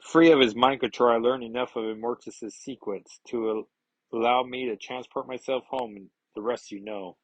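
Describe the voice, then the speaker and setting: Man voicing a wounded, bitter superheroine; husky, dry reading, comic-book reading. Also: medium pitch, fairly even intonation, moderate pace, dry recording, close to an everyday voice, rough recording. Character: grieving angry woman superhero.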